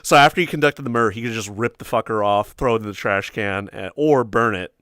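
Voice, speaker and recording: A man hosting a casual livestream chat, telling a long story in a rambling, animated way with laughs and swearing. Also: fairly low pitch, quick pace, clean tone, no echo, clean studio sound. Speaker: livestream host.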